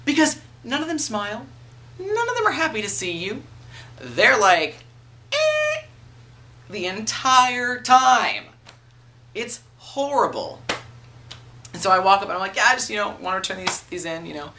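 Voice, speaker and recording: A man's voice: high voice, animated, normal speed, sharp tone, far from the mic. A man of twenty-one, telling a story in a casual vlog rant, swearing freely and acting out the people he quotes. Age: 20s. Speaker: video blogger.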